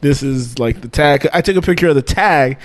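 Speaking briskly in a slightly high voice, a male podcast co-host tells a long, rambling story during casual chat. He laughs often along the way.

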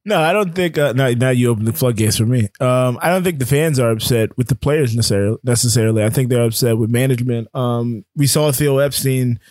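A man's voice: mid-range voice, a little fast, hardly any pauses, darkish tone, dry recording, studio quality. A man co-hosting a podcast, talking baseball in easygoing casual chat with many fillers. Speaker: podcast co-host.

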